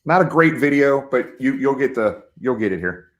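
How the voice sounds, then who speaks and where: A man hosting a casual online show, talking in a relaxed way with plenty of fillers. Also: medium pitch, moderate pace. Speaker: host. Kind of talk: casual chat.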